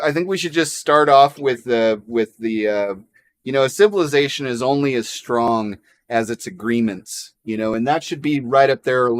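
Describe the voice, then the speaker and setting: A man hosting a casual livestream chat, joking around, laughing often and reading out viewer comments. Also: mid-range voice. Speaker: livestream host.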